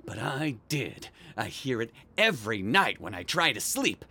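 An actor in an audio drama playing a sleepless, paranoid man obsessed with noises in the walls, swinging between muttering and yelling. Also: medium pitch, very animated, measured pace, slightly rough, full character voice. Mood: taunting. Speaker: actor in a one-man radio play.

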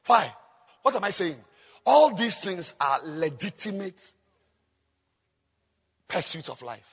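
A man preaching a sermon as a pastor, dropping to low murmurs and rising to high shouts. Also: sing-song, slow, long pauses, slightly rough, lo-fi sound. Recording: long hall reverb.

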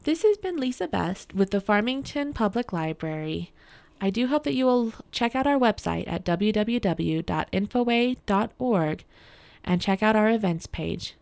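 A woman from a public library reading a fairy tale aloud for radio in a calm, measured way. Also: medium pitch, vocal fry. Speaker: library storyteller. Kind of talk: storybook read-aloud for radio.

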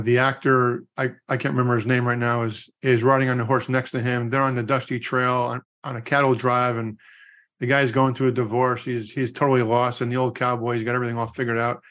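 A middle-aged man co-hosting a podcast, chatting casually and telling stories with animated quotes. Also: mid-range voice. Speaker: podcast co-host. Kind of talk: casual chat.

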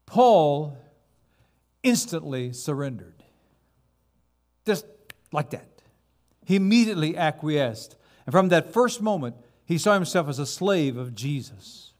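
A man's voice: fairly high pitch, expressive, moderate pace. A man preaching a sermon as pastor, building dramatically to emphatic repeated words.

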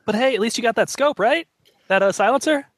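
A man's voice: very high-pitched, quick pace, a bit bright, slightly rough, no echo, clean studio sound, voice pushed up, full character voice. A man voicing a sheepish eighteen-year-old son in a tabletop role-play, awkward, evasive and overly friendly. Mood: needling.

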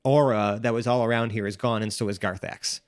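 A man's voice: fairly low pitch, fairly even intonation, fairly quick, dry recording, clean studio sound. A man narrating as game master of a tabletop role-playing game, rambling with many fillers and restarts.

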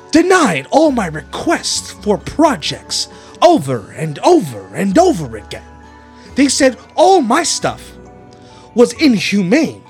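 A man plays a scorned villain in a tabletop game. He sounds aggrieved and rises into outraged shouting. His voice runs high and leaps around, with faint music underneath. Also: full character voice. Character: bitter scorned male villain inventor.

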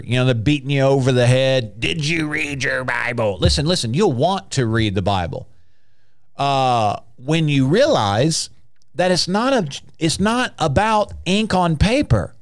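A man's voice: mid-range voice, no echo, clean studio sound. A man preaching a sermon, asking questions and answering them himself, with rising emphatic peaks.

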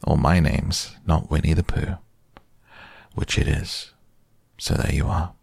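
A man voicing a gentle, humble, simple-minded male bear in a storybook reading. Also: a bass voice, fairly even intonation, creaky, breathy edge, dry recording, studio quality, exaggerated voice. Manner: humble, slow, dreamy.

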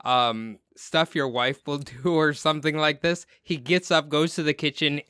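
A man's voice: on the high side, steady tone, normal speed, pushed and bright, clean tone, dry recording, studio quality. A young man hosting a podcast, chatting casually, rambling and laughing, with casual swearing. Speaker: podcast host. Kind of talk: casual chat.

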